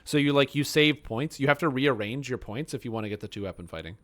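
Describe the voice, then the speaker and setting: A man's voice: mid-range voice, lively intonation, fast, a bit bright. Joking man streaming a game. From Canada. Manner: joking, rambling, self-mocking. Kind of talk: casual live-stream chat, answering chat.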